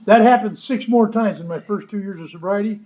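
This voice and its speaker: A man with a notably high-pitched voice tells a story to a convention audience. His delivery is blunt and wry, and he slips into the voices of the people he quotes. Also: brisk, very noisy. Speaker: recovery meeting speaker.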